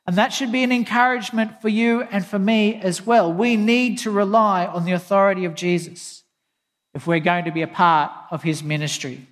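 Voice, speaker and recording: High-voiced preacher in a reverberant hall. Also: male voice, fairly even intonation, normal speed, fairly bright tone. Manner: earnest storytelling preacher, quotes scripture. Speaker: pastor. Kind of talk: sermon.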